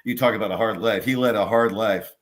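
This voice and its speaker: A man appearing as a guest on a casual talk show, relaxed and reflective. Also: fairly low pitch, fast talker. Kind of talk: casual chat.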